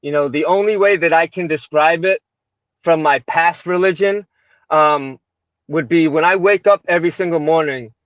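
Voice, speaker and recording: American guy, raised pitch, dry close sound, chatty storyteller full of fillers and tag questions, voices the other people in his story. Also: normal speed, dry recording. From United States. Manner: animated, retells dialogue, many fillers and tag questions. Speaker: livestream guest. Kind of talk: personal storytelling in conversation. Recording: dull lo-fi livestream audio.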